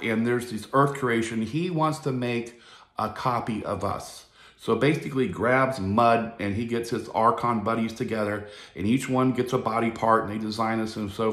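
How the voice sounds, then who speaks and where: A man's voice: mid-range voice, roomy sound. A man giving a rambling, profane casual monologue as a video host.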